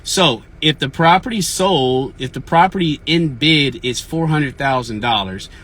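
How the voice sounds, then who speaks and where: A man talks into his phone outdoors as the host of his weekly real estate Q&A livestream. He vents, frustrated, and keeps repeating himself. His voice is bright and forceful at a mid pitch. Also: a little slow, breathy edge. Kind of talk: casual livestream chat, venting. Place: outdoors in the field.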